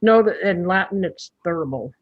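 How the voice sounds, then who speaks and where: Husky, thoughtful student in a muffled recording. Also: medium pitch, animated, moderate pace, no room sound. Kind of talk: casual class discussion.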